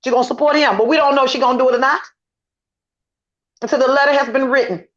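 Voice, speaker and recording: A middle-aged woman speaks as a guest on an informal online commentary chat, her voice set high. She talks emphatically and circles back to the same points, venting with indignation. The audio is dull and lo-fi, with little top end. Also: steady tone, fast talker, a bit bright.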